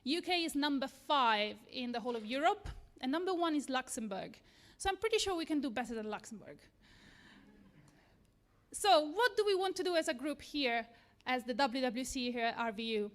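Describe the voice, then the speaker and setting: A lightning talk seems to be underway in an event room, where an Italian-accented woman speaks at normal speed with lively intonation and a fairly high pitch. She sounds earnest, slightly anxious, and willing to poke fun at herself.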